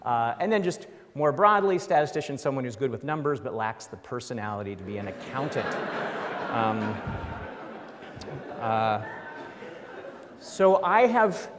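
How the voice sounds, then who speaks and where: A man's voice: mid-range voice, very animated, unhurried, pauses often, a crowd in the background. Middle-aged male professor, dry self-mocking humor, lecture hall reverb. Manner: wry, self-deprecating, acts out quotes. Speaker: professor giving an award lecture.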